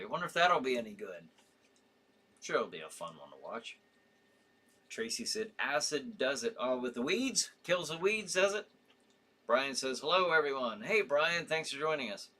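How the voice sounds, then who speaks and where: Tired male livestream host, rambling and halting, lively bright voice. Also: medium pitch, breathy edge. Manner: rambling, halting, with frequent restarts and yawns. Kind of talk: casual live-stream chat reading viewer comments.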